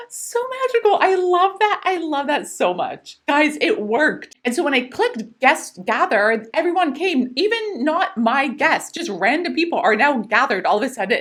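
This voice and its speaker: A young woman talks through her gameplay in a high voice that swings widely up and down. She is excitable and giggly and breaks into squeals of delight. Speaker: gaming YouTuber. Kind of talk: casual gameplay commentary.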